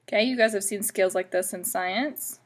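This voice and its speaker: A woman's voice: mid-range voice, a little fast. A woman math teacher explaining equations step by step in a patient, instructive way. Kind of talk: classroom math lesson video.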